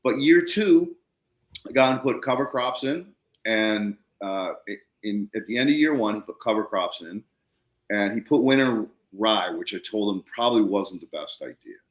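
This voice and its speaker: Guy on a podcast telling farm stories, animated and slangy, voice swings all over, echoey room. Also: fairly low pitch, moderate pace, dull audio. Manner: animated, slangy, acts out both sides of phone calls. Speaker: podcast host. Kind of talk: casual storytelling chat.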